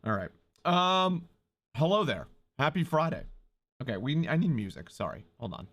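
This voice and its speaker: A man live-streaming who talks loudly and excitably, swearing and greeting viewers in chat. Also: fairly high pitch, moderate pace.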